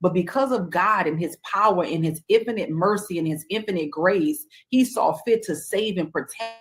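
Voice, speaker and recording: A woman's voice: on the low side, moderate pace. A woman hosting a panel, responding with affirmations and faith-filled encouragement. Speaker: host. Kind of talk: casual panel talk.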